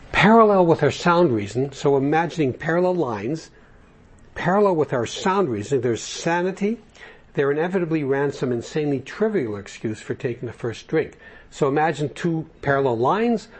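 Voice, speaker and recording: A man's voice: medium pitch, husky. An older man leading a group study, reading passages aloud and explaining them in plain words with asides. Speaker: recovery study group leader. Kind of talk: reading and commenting on a text.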